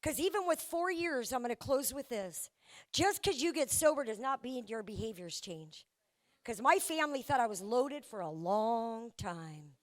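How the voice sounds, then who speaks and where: A young woman speaks to a live recovery meeting, her voice sitting high. She tells her story candidly and with humor, often restarting her sentences as she goes. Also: expressive, normal speed. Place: event venue before a live audience.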